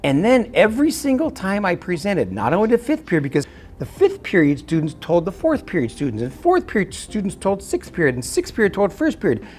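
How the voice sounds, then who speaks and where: A middle-aged male teacher recounts a classroom story in an expressive, animated way. His pitch swings widely as he talks, and the faint hiss behind him stays in the background. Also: a little fast. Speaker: high school teacher. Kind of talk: personal anecdote storytelling.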